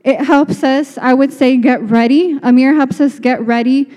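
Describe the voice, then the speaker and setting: A woman preaches in an earnest, chatty way, often restarting her sentences. Her voice sits high but sounds mellow, and a long hall reverb trails after her words. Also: steady tone, moderate pace. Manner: earnest, conversational, many restarts. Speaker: speaker. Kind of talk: sermon.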